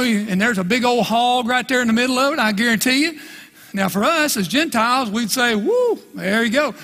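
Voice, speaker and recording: A man's voice: very high voice, bright, forceful tone, in a large hall. A man preaching a sermon as pastor, folksy and emphatic, often pressing the crowd with "listen" and "right?". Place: church sanctuary.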